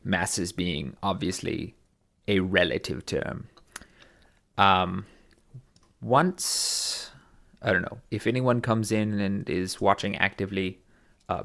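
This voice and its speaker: Deep slow gravelly guy rambling on a home stream, lots of uhs, dry formal jokes. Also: fairly bright tone. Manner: hesitant, many fillers, dry formal humor. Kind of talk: casual livestream chat. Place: home room.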